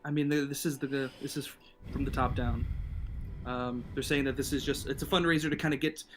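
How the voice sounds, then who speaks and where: A man voicing a tired city guard captain who talks softly and hesitantly, full of pauses. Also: mid-range voice, fairly even intonation, close to an everyday voice. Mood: weary, evasive. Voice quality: soft-spoken, hesitant, filler-heavy.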